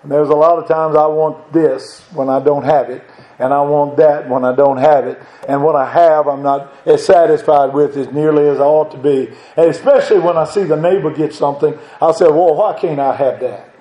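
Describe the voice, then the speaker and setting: Male preacher, high voice, emphatic sermon delivery, echoey sanctuary sound. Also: steady tone, fairly quick, warm tone, muffled recording. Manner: rising to emphatic high-pitched exhortation. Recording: echoey room.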